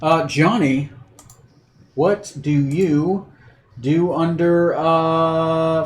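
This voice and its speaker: A man's voice: on the high side, steady tone, extremely slow, a little hiss or hum. A man acting as game master for a tabletop game, narrating loosely with many fillers and restarts. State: has the hiccups.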